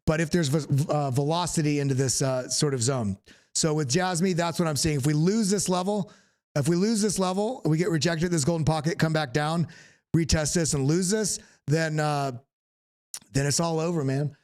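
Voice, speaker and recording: A man from the Southern United States hosts a live chart breakdown with a somewhat higher voice. He speaks casually and thinks out loud. His sentences often stop and restart as he points things out. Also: normal speed. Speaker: host. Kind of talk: live technical chart analysis.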